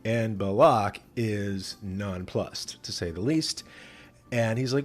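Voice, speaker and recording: A man's voice: fairly low pitch, slow. A man who is a rabbi, retelling scripture casually with humor and many fillers.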